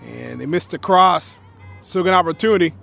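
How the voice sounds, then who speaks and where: Excitable high-pitched gravelly commentator man. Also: a little fast, soft background music. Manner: excitable, shouts on big plays, repeats himself. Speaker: sports commentator. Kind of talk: play-by-play commentary. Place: outdoors at a soccer field.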